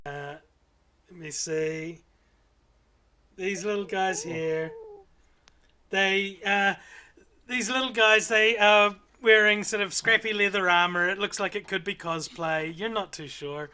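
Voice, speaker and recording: Male game master, slow delivery, bright tone, unhurried scene-setting narration. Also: high voice, steady tone, smooth. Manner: unhurried, many filler pauses.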